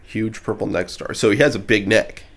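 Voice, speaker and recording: A man's voice: fairly low pitch, fairly even intonation, normal speed, creaky, breathy edge. A man co-hosting a podcast, chatting casually about a book with goofy, playful replies. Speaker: podcast co-host.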